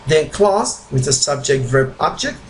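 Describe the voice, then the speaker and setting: A male English teacher explaining grammar step by step, slow and repetitive, with non-native slips in his phrasing. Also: fairly high pitch, big pitch swings, slight background noise, rough recording. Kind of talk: grammar lesson.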